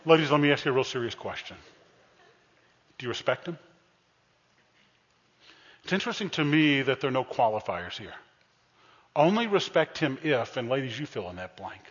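A man's voice: medium pitch, expressive, normal speed, pauses often, slightly rough. A male pastor preaching a humorous sermon, teasing and calling out to his congregation. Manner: playful, teasing, addresses the congregation directly. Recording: dull, echoey church sanctuary recording.

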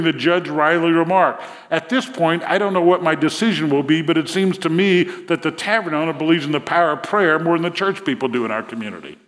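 A man's voice: fairly high pitch, a bit bright, long reverb tail. A man preaching a sermon, retelling a Bible story and acting out the king's words with rising emphasis. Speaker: pastor.

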